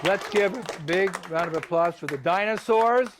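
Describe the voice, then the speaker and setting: Swami guy telling kids a story, animated, laughing a lot, kinda high voice. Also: normal speed, over a noisy crowd, very noisy. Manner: lively, laughing, bursts into shouts and chants.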